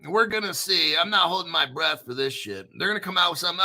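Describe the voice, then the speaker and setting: Brash gravelly American guy. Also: on the high side, animated, fairly quick, sharp tone. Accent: General American. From United States. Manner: brash, profane, joking asides, frequent throat clearing. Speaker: crypto video host. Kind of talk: casual commentary reading articles.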